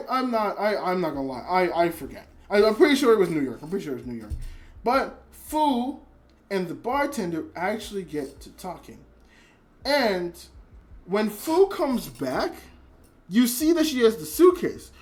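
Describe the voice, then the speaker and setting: A speaker giving a casual spoken anime review, rambling with lots of filler words, restarts and casual swearing. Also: medium pitch. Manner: emotionally invested, trails off and restarts.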